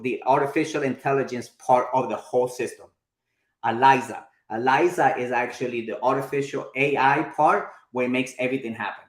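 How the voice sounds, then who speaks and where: A marketing instructor in his forties teaches a live workshop in a mid-range voice with a roomy sound. He's chatty and frequently checks in with his listeners.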